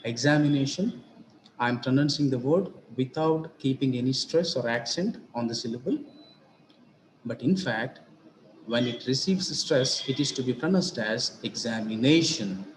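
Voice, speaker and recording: A man giving a grammar lesson as a teacher, explaining each point deliberately, repeating himself and spelling out examples. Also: medium pitch, slight background noise. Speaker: English teacher. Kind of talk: slow explanatory grammar lecture. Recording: roomy echo with faint ambience.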